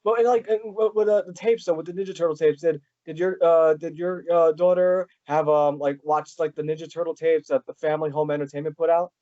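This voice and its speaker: Young male host, eager, rambling, high voice, dull lo-fi sound. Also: steady tone, brisk, few pauses, warm tone. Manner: eager, rambling, lots of fillers. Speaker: podcast host. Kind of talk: casual interview chat.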